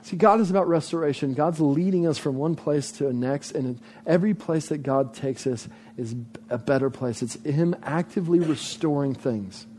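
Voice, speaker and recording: A pastor preaching a sermon, emphatic, driving points home by repeating phrases. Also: male voice, fairly high pitch, normal speed, warm tone, slight background noise.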